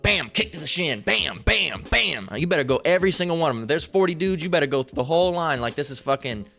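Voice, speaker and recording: A man giving angry reaction commentary, profane and heated, quoting scripture between insults. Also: mid-range voice. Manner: quotes scripture. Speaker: online commentator.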